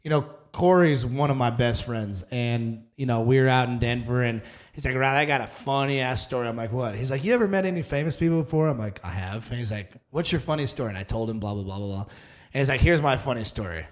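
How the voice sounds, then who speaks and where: A man's voice: mid-range voice, fast talker. Guy telling long rambly stories on a podcast, swears a lot, does everyone's lines. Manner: rambling, profane storyteller, acts out quotes. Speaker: podcast co-host. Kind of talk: casual chat, storytelling.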